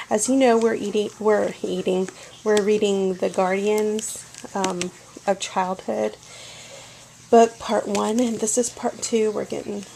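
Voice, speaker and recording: A woman chats her way through a casual home vlog in her kitchen, meandering and explaining as she goes. Her voice sits at an ordinary middle pitch. A loud air-conditioner hum runs under the whole recording. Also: gravelly. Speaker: homeschooling mother and vlogger.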